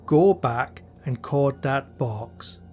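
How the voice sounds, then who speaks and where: A man voicing a menacing male murderer with a clumsy put-on Scottish accent, barking gruff orders. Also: mid-range voice, extremely slow, darkish tone, faint music behind. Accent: put-on Scottish, admittedly poor.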